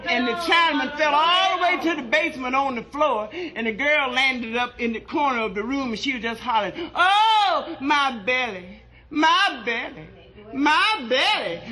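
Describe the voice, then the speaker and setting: Brash woman comedian, high bright voice, bawdy stand-up delivery. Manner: brassy, shouting punchlines, drawn-out delivery. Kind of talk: bawdy stand-up joke telling.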